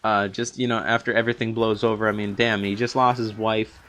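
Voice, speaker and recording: Rambling low-voiced young man reviewing. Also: little pitch movement, brisk, fairly bright tone. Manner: rambling, many fillers and restarts. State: a little out of breath from long talking. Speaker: YouTube TV episode reviewer. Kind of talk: unscripted episode recap commentary.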